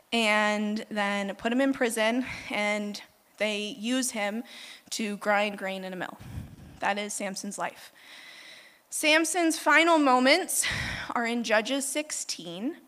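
Bright-voiced woman preaching in a reverberant hall. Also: medium pitch. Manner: lively storytelling with laughs and asides. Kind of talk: sermon.

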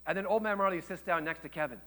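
A man preaching a sermon, telling a story with lively shifts between loud excited quotes and hushed quiet passages. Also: quick pace. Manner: animated storytelling, acts out quotes with jumps in pitch and volume; drops to a hushed, low voice for tender moments. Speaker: pastor.

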